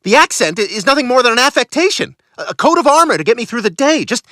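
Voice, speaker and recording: Stewie, a shrill ranting cartoon baby. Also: male voice, very animated, fast talker, sharp tone, dry recording, clean studio sound, full character voice. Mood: petulant confession. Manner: theatrical, ranting, melodramatic. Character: pompous scheming baby boy, snooty and tantrum-prone. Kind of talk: cartoon voice acting.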